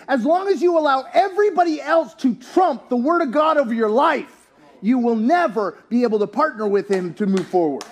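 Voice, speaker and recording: High-voiced animated joking preacher man. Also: moderate pace. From US, town near country. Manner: animated, joking preacher who shouts at peaks. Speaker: pastor. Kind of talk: sermon.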